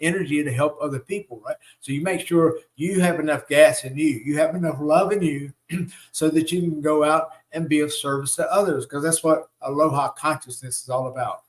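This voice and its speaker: Encouraging man, slightly high voice. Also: steady tone, brisk. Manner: encouraging, coaxing, checks in often with "right?" and "okay?"; leads listeners through repeated call-and-response chants. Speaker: spiritual teacher and show host. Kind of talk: live-streamed spiritual teaching with guided affirmations.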